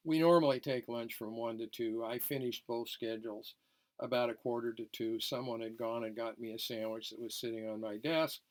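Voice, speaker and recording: A man, a dentist, giving a lecture as folksy stories with frequent fillers. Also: medium pitch. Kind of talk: anecdotal lecture presentation.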